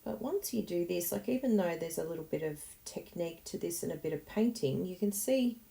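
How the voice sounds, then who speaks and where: A woman's voice: fairly low pitch, lively intonation, brisk, gravelly, warm tone. A woman hosting a card-making tutorial, chatting encouragingly and thinking aloud as she works. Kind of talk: casual tutorial talk while crafting.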